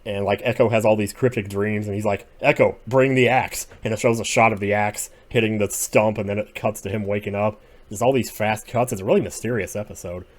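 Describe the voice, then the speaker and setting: A man giving casual solo commentary as he ranks TV episodes, rambling and opinionated, drifting between quiet muttering and sudden outbursts. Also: lowish voice, fairly even intonation, fast talker. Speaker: video creator ranking TV episodes.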